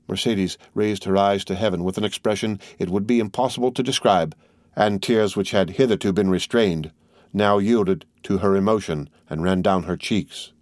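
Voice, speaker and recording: A man with a low voice narrates a classic novel in a measured, even way. The recording is close and dry, with no room sound. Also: no echo. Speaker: audiobook narrator.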